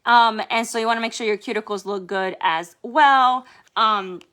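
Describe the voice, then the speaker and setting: With a bright, forceful, clear and resonant voice pitched a little high, a woman talks at normal speed through a nail-care demo at home. She's chatty and rambles somewhat, sprinkling in lots of "um" and "like."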